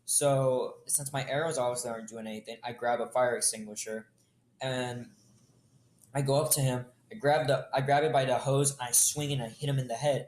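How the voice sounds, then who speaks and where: Young man telling a story in an echoey room. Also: medium pitch. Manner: rambling, joking, quick asides. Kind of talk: casual improvised storytelling. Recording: roomy echo.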